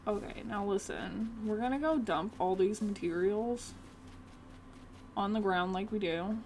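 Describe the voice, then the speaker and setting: A woman's voice: medium pitch, measured pace, darkish tone, a little hiss or hum. A young woman chatting casually through a gameplay session, often talking fondly to her cat. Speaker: gaming video creator.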